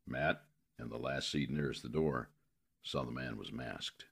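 A man narrating a western novel in a steady, measured way. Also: a bass voice, gravelly, slightly rough.

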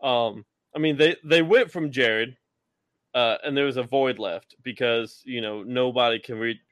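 A man's voice: medium pitch, measured pace, a bit bright, no room sound. A man co-hosting a casual podcast chat, talking in a sarcastic, mocking way. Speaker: podcast co-host.

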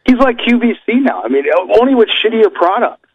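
A man's voice: very high voice, sing-song, brisk, no echo. A man co-hosting a podcast, talking bluntly with plenty of profanity and emphasis. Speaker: podcast co-host. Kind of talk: casual chat. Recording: dry, slightly dull lo-fi.

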